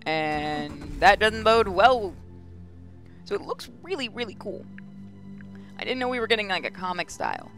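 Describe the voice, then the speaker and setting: A man's voice: high voice, huge pitch swings, moderate pace, pauses often, a bit bright, faint music behind. A man hosting a casual let's-play video, chatting and reacting aloud as he plays a game. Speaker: gaming video host.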